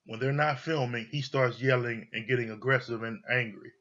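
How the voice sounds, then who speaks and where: A man's voice: medium pitch, fairly even intonation, normal speed, fairly bright tone. Blunt, profane man reviewing a reality show. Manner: blunt, profane, repeats himself. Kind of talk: casual opinionated commentary. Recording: dull lo-fi audio.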